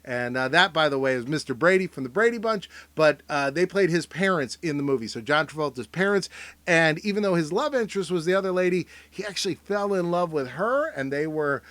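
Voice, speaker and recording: A man rambling through a jokey commentary as host, his voice a bit higher than most men's. The sound is dry and close, with no room echo. He drifts between bright asides and quiet, mumbled trailing-off remarks. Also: animated, brisk. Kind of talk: casual comedic commentary.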